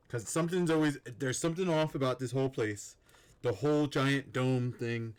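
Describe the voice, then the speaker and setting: Man player in character, stammering, defensive, mid-pitched. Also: normal speed, clear, resonant tone. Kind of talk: in-character tabletop roleplay.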